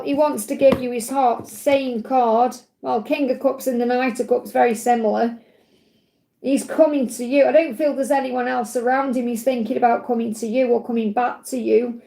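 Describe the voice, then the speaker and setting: A woman's voice: high voice, vocal fry, warm tone, roomy sound. A woman hosting a live tarot Q&A, talking in a chatty, reassuring way and often checking in with "okay?". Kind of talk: casual live-stream reading.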